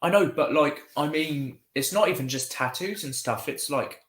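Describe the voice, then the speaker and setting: A man's voice: on the high side, moderate pace, a loud crowd. A man chatting animatedly on a live call, often exclaiming. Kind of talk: casual chat on a live call. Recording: echoey room.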